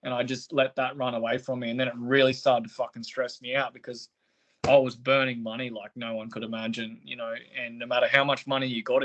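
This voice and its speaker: A podcast guest with a mid-range, slightly bright voice tells his story candidly in an interview. He is blunt and aggrieved, swearing heavily throughout.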